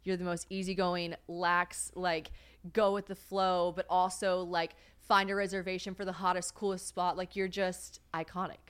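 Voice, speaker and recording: A woman's voice: on the low side, flat delivery, moderate pace, clear, resonant tone. A young woman co-hosting a podcast in casual chat, rambling, swearing freely and laughing often. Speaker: podcast co-host.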